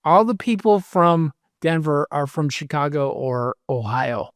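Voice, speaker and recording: A man co-hosting a podcast in casual chat, animated and jokey, often slipping into mimicry. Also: fairly high pitch, a little slow, no echo, studio quality. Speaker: podcast co-host. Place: lives in Virginia.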